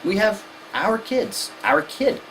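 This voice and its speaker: A woman lecturing a room of parents, acting out kids and parents in high, playful voices. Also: lively intonation, slow, gravelly, a bit bright, slight background noise, rough recording. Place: lecture hall.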